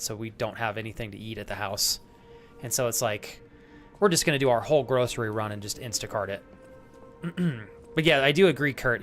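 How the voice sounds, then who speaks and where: A man's voice: medium pitch, a bit bright, slight background noise. A man streaming a video game, chatting casually with viewers, calling them by name and swearing now and then. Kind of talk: casual live-stream chat.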